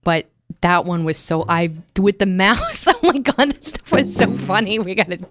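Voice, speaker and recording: A woman's voice: mid-range voice, expressive, noisy background. Giggly woman hosting a live stream. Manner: giggly, halting, lots of restarts. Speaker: host. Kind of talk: casual live-stream chat.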